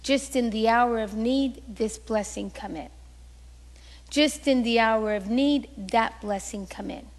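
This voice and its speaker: Woman pastor for a sermon, unhurried delivery, acts out quoted lines, echoing church hall. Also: a little high. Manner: animated storytelling, acting out quoted voices.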